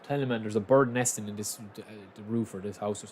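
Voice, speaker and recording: A young man chatting casually and commentating live on his own football game, bursting into excited shouts at big moments. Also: on the low side, fairly quick, slight background noise. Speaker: game streamer.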